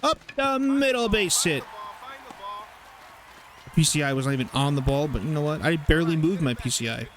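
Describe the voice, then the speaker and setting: Chatty, profane young gamer, slightly high voice. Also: male voice, moderate pace, pauses often, a little hiss or hum. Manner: chatty, rambling, profane, excitable. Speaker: gaming YouTuber. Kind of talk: casual let's-play commentary.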